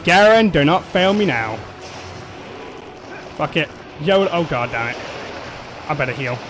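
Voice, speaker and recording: A man commentating on his own gameplay, excitable, swearing, shouting and laughing at the action. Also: fairly high pitch, unhurried, noisy background. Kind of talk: let's play commentary.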